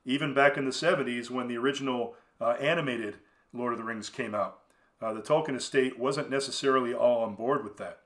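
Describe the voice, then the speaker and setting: A man talks through his own solo commentary podcast at a middling pitch. He rambles conversationally, often stopping to restart his sentences and filling pauses with "uh" and "you know.". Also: fairly bright tone. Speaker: podcast host.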